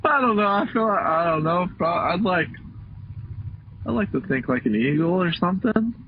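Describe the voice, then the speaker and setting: A man who races Supercross, chatting as a podcast guest in a halting, casual way full of fillers. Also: sits high, expressive, husky, no echo, phone-quality sound. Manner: halting, filler-heavy, uses "like" and "dude". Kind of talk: casual interview chat.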